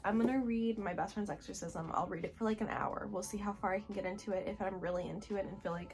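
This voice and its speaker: A young woman in her twenties talking excitedly to camera about books at home, gushing with lots of filler words. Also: mid-range voice, quick pace, soft background music. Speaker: book vlogger. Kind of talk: casual reading vlog chat.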